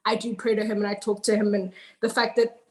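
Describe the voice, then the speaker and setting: A young woman taking part in an online session over a video call, speaking hesitantly and haltingly. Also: medium pitch, little pitch movement. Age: young adult. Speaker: participant.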